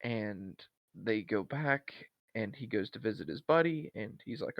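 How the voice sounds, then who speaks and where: Brief: male podcast co-host, lowish voice, casual rambling recaps, dull dry recording. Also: expressive, measured pace, creaky, hardly any pauses, no echo. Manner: rambling retelling with many fillers. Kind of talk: casual chat.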